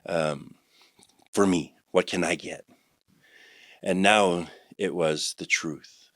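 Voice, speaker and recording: Low-voiced man telling his testimony. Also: takes it slowly, dry recording, clean studio sound. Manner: rambling, repeats and restarts, animated when quoting others. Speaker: guest sharing a testimony. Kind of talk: podcast testimony interview.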